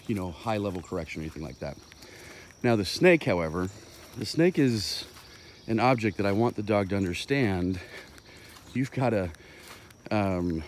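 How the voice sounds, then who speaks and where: A man with a fairly low voice talks through dog training ideas while out on a walk, rambling and pausing with many fillers. The outdoor recording carries a faint bed of insects and crickets behind him. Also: darkish tone, a little hiss or hum. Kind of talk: impromptu explanatory talk on a walk.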